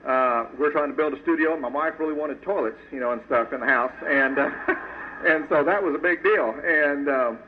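A man's voice: fairly high pitch, normal speed, slight background noise. A man, a sculptor, telling an audience his faith testimony in an earnest, folksy storytelling way. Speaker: Christian sculptor giving a testimony. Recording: tinny phone-like radio audio.

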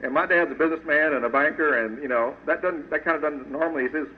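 A man's voice: a little high, fast talker, a little hiss or hum. Brief: male sculptor, earnest folksy testimony to a church crowd, lo-fi phone-like radio sound. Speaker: Christian sculptor giving a testimony. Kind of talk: personal testimony to an audience. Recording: tinny phone-like radio audio.

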